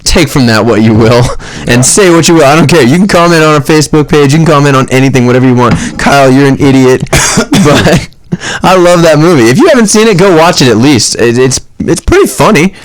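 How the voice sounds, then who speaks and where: A young man co-hosting a podcast, talking about films in an animated, rambling way with lots of restarts. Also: on the high side, fairly quick, few pauses. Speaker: podcast co-host. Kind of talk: casual movie chat.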